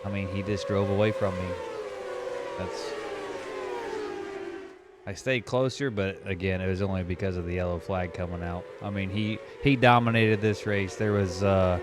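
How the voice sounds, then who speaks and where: A man with a fairly low voice calls an online race he is driving in, chatting casually and lifting with excitement when the action heats up. There's a clear hum of noise under his voice. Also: normal speed. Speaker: sim racing commentator and driver.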